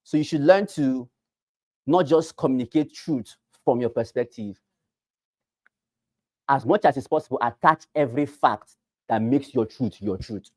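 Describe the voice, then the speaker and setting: A man's voice: medium pitch, a little slow, pauses often, a little mellow, no echo. A Nigerian man teaching a class for realtors, repeating key phrases and quizzing the listeners with rhetorical questions. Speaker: real estate trainer.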